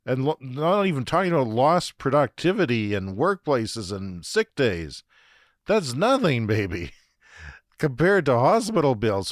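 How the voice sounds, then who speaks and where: Canadian male podcast host, comic monologue, swears freely, lively pitch, dry sound. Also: measured pace, no echo. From Saskatchewan, Canada. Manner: profane, ranting, self-deprecating. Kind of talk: comedic storytelling monologue.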